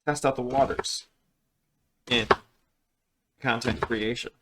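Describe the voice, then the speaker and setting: A man's voice: medium pitch, fairly even intonation, slow, heavy background noise. A man chatting casually in a home kitchen while he cooks, rambling and joking about himself. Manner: rambling, self-deprecating, joking. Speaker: cooking vlogger. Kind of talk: casual cooking vlog.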